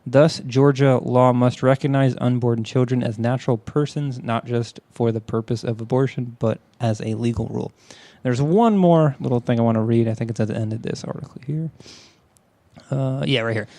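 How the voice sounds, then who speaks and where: A man co-hosting a podcast, reading a news article aloud in a steady, measured way. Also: mid-range voice, no room sound. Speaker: podcast co-host.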